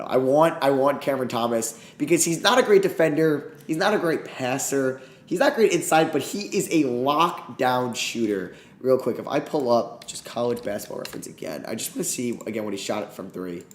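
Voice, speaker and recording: An excitable man reacting live on stream, his voice swinging wildly up and down as he gets worked up. He talks emotionally and swears when he's upset. He sounds like he's in an echoey room. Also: mid-range voice, a little fast, few pauses.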